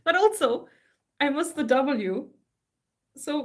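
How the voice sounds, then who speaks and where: A woman's voice: mid-range voice, a little slow. Playful woman chatting. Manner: playful, reads signs in a mock-serious chant. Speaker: artist live-streaming. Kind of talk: casual chat while making art.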